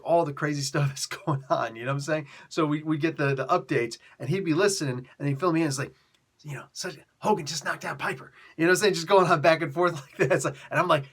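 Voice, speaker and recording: A man's voice: medium pitch, fairly bright tone. A middle-aged man chatting casually as he reviews a comic book, laughing often and acting out the characters' lines.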